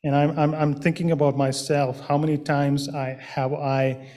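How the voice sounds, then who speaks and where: A man preaching a sermon in a slow, earnest way, pausing with fillers and restarting his phrases. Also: a little high, flat delivery, mellow.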